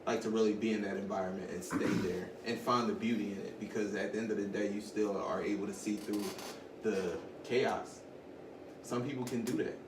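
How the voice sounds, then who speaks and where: A man's voice: lowish voice, fairly even intonation, fairly quick. Frank swearing man, noisy roomy podcast. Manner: frank, swears casually, vents. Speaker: podcast co-host. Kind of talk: casual chat. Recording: roomy, distant mic, hiss.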